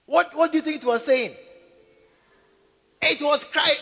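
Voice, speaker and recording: A man delivers an emphatic sermon, firing questions at the congregation in a very high, bright, piercing voice that leaves a long reverb hanging in the church hall. He speaks a little slowly, with a creaky edge and long pauses.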